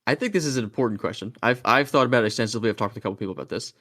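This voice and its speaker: A man's voice: medium pitch, rapid-fire, fairly bright tone. A man co-hosting a podcast, teasing and playfully questioning his co-host in casual chat.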